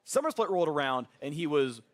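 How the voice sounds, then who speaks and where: A man casting a live esports match, energetic and joking as he introduces the teams. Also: a little high, fast. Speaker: esports caster.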